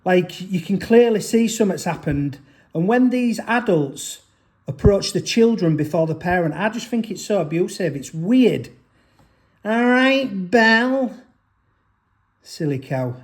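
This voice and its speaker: Father vlogging, high voice, aggrieved and rambling, keeps restarting sentences. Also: expressive, moderate pace, a little mellow. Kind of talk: emotional personal storytelling.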